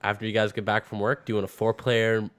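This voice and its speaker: A man's voice: fairly low pitch, level tone, fairly quick, a bit bright, smooth. Blunt, profane male gamer. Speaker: podcast co-host. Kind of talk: casual gaming chat.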